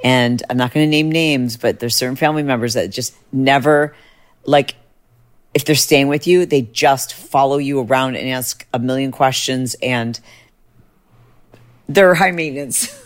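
A middle-aged woman hosts a podcast, chatting casually at a slightly slow pace. As she tells a story, her pitch jumps lively whenever she gets excited.

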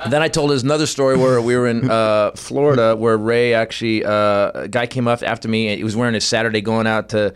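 Profane, animated male comedian telling stories. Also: on the low side, fast, few pauses, clear, resonant tone. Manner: animated, profane, laughing storyteller. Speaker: stand-up comedian. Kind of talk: storytelling in a podcast conversation.

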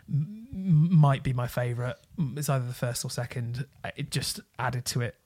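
A man's voice: medium pitch, normal speed, darkish tone. Enthusiastic man chatting. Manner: enthusiastic, swears freely, many fillers. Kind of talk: casual chat.

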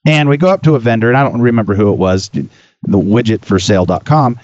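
A man's voice: mid-range voice, fast, darkish tone, no echo. Rambling man telling a story on his talk show. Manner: rambling, repeats words, swears freely. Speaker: podcast host. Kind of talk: casual storytelling. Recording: slightly dull dry recording.

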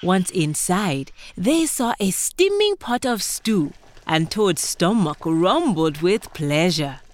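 A woman narrating a children's story in a gentle, expressive way, speaking directly to young listeners. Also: fairly low pitch, slow.

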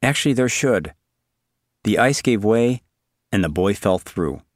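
A man narrating an audiobook in a dry, deadpan, wry manner. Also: on the low side, a little slow, dry recording.

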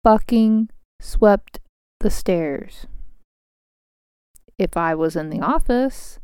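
A woman's voice: medium pitch, expressive, drawn-out words, dark tone, clear, resonant tone, dry recording, clean studio sound. A woman in her thirties talking frankly at her home desk, venting in a casual solo monologue and swearing freely.

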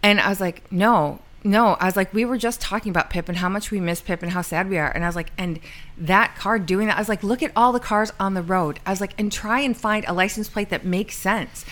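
This middle-aged podcast co-host speaks quickly in a medium-pitched, slightly bright voice. She tells a personal story in casual chat, full of ums and restarts, and quotes herself along the way.

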